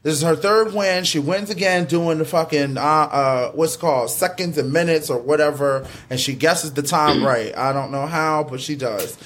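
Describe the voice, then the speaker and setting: A man's voice: on the high side, normal speed, hardly any pauses, fairly bright tone. A man on a video call giving a loose, rambling recap with casual swearing. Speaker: panelist recapping episodes.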